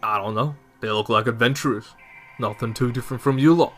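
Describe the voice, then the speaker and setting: A man's voice: mid-range voice, fairly quick, fairly bright tone, faint music behind, close to an everyday voice. A man doing a wary villager with an Australian twang. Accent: put-on Australian. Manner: casual, hesitant warning.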